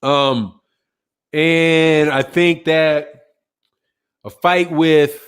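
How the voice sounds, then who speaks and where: A man's voice: on the high side, fairly even intonation, extremely slow, fairly bright tone, clear, resonant tone. A middle-aged man hosting a boxing channel, chatting casually and a little tiredly, rambling with slang and self-corrections as he reads viewer comments. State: tired, yawning. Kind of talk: casual livestream chat reading viewer comments.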